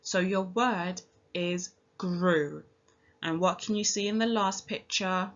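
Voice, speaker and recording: A woman teacher giving a phonics lesson to young children, speaking clearly and encouragingly and sounding out each word. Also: lowish voice, steady tone, slow pace, dull audio.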